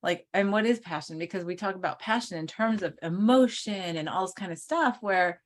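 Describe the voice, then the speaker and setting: Woman co-host, lowish voice, chatty and rambling, lots of "like" and "right", video call. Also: moderate pace. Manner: chatty, filler-heavy, laughs easily. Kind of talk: casual spiritual chat.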